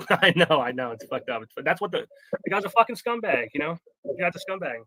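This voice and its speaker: A man's voice: a little high, very animated, brisk, pushed and bright, no echo, low-quality recording. A man hosting a live stream, talking loosely and profanely with lots of fillers. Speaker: stream host. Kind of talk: casual live-stream chat.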